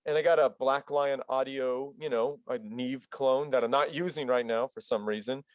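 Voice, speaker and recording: A man's voice: medium pitch, steady tone, normal speed, dry recording. Joking man on a close home mic. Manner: loose, joking, playful storyteller. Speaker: podcast guest, vocalist. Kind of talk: casual chat. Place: home studio. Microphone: studio dynamic mic at home.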